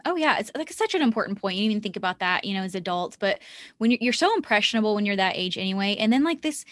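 A woman's voice: mid-range voice, animated, quick pace, dry recording. A woman hosting a true-crime podcast, talking earnestly and with indignation. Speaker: podcast host. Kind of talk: conversational true-crime discussion.

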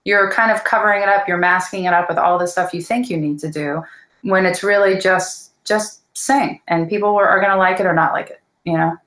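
A woman's voice: fairly low pitch, brisk, fairly bright tone, roomy sound, rough recording. A woman speaking as a voice teacher in a casual interview, earnest and thoughtful, with many fillers.

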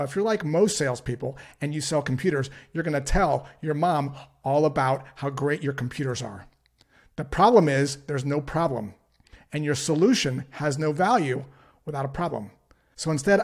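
Calm man teaching sales, slightly high voice. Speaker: sales trainer. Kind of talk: short scripted sales lesson.

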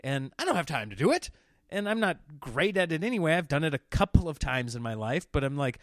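A man from Nebraska hosting his own comedy podcast, rambling through animated stories and acting out what people said. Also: a little high, a little fast, no room sound, studio quality. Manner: rambling, animated storytelling with acted-out quotes. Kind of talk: casual monologue.

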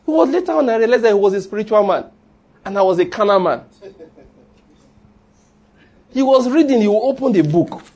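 A man's voice: sits high, expressive, fairly quick, pauses often, darkish tone. A man preaching a sermon in a church, humorous and conversational, leading the congregation in call-and-response. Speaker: pastor.

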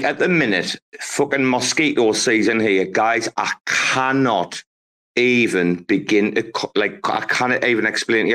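A man's voice: lowish voice, a bit bright. A man co-hosting a casual online group chat, rambling and swearing freely as he tells stories and passes the mic. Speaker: co-host of a crypto community talk show.

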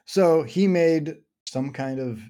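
A man co-hosting a book club podcast, talking casually and haltingly with many fillers and restarts. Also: fairly high pitch, warm tone.

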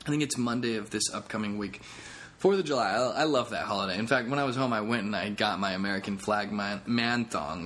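A man's voice: on the low side, a bit bright, slight background noise. A comedian hosting his own podcast, talking in a rambling, jokey, self-deprecating way. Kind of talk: casual podcast monologue.

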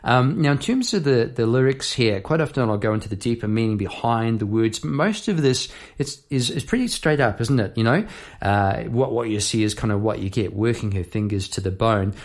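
A man's voice: medium pitch, expressive, normal speed. A songwriter talks through his lyrics line by line in a loose, conversational way. The man often drifts into side stories and keeps checking in with "eh?" and "yeah?". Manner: chatty and rambling, full of asides and tag questions. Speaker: songwriter hosting an episode. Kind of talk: casual explanation of song lyrics.

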